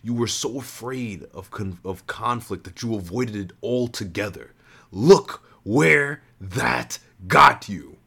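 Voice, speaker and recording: A man with a lowish voice playing a cold, contemptuous male villain who accuses and condemns the rulers he faces. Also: moderate pace, few pauses, husky. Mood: scornful. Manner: scornful, accusing.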